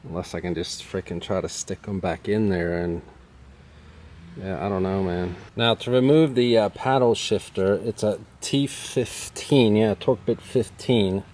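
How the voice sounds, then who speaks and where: A man's voice: fairly low pitch, unhurried, a little mellow, a little hiss or hum. A man casually narrating a do-it-yourself car repair as he works, chatty and muttering to himself. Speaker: car DIY vlogger. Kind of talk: casual how-to narration while working.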